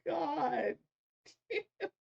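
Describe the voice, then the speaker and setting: A man's voice: extremely high pitch, animated, very slow, creaky. A man reacting to a video with short interjections and laughing asides. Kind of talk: casual reaction commentary. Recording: dull lo-fi audio.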